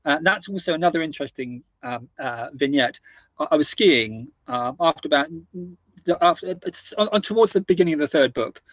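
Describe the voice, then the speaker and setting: A middle-aged man from the United Kingdom chats as a podcast guest, his fairly high voice stumbling over repeated words as he spins his anecdotes. The sound is dry and a little dull, like a lo-fi remote recording. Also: expressive, dry recording. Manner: halting, repeats and restarts words while telling anecdotes. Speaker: guest, author and former army officer. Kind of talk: casual conversational storytelling.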